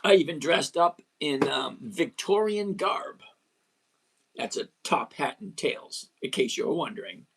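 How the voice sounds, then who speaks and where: A man hosting a casual trading livestream, hoarse after singing, chatting, greeting viewers and explaining step by step. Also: fairly high pitch, animated, unhurried. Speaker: livestream host.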